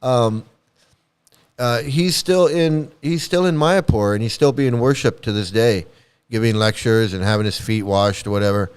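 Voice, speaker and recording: A man talks off the cuff in a loose commentary monologue, his voice sitting at an ordinary middle pitch. He is blunt and profane, circling back over his words with fillers and false starts. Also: normal speed, smooth. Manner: rambling, blunt, profane, many restarts and fillers. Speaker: ex-cult commentator.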